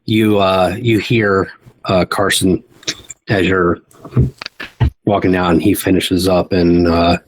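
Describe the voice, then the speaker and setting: Brief: man as game master, very deep, slow and halting, faint background noise. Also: little pitch movement, rough recording. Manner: halting, full of ums. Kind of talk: narrating a tabletop game.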